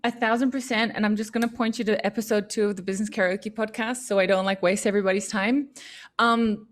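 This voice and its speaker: A woman speaking at a youth leadership session, answering questions in an animated, chatty and encouraging way. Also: medium pitch, quick pace. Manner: animated, chatty, lots of "like" and "you know"; encouraging and upbeat.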